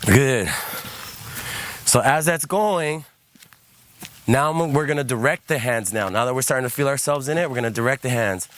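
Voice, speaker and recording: A man leading a guided movement class, calmly coaching steps, counting aloud and leading rhythmic chants. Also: mid-range voice, moderate pace, long pauses.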